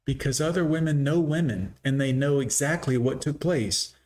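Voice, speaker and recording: A man at a middling pitch talks down to his audience in a scornful, lecturing tone. He drips sarcasm as he picks apart what he has just heard. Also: normal speed, darkish tone. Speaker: commentator. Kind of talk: reaction commentary.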